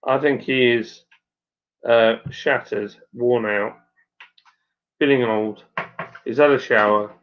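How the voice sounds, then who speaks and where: A man's voice: mid-range voice, steady tone, slow, pauses often, highs cut off. A man hosting a casual live stream, chatting and reading out viewers' messages, sometimes tripping over names.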